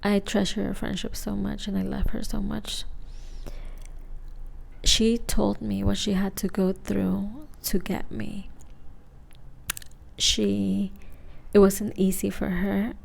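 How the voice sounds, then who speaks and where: A woman's voice: mid-range voice, monotone, slow pace, creaky, long pauses. Young woman whispering a rambling story. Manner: rambling, casual, peppered with "like" and swearing. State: high. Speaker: ASMR storyteller.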